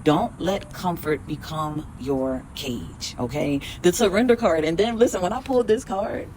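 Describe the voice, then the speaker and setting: A woman hosts a spiritual podcast, reading tarot cards and giving a blunt, emphatic pep talk full of swearing before slowly repeating affirmations. Her voice is lowish and a little mellow, with a little hiss or hum behind it.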